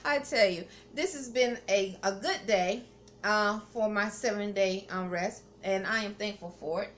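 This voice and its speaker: A woman's voice: mid-range voice, measured pace, a little hiss or hum. A middle-aged woman giving a spiritual testimony in a meandering, earnest way, with many ums and restarts. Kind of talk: rambling spoken testimony.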